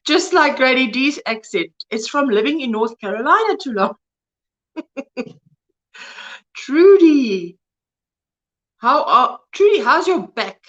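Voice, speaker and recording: South African woman, 50s, warm-hearted livestream host, slightly high voice, muffled lo-fi sound. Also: lively intonation, slow pace, pauses often. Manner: chatty, greets viewers by name, laughs often. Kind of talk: casual livestream chat. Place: at home, indoors.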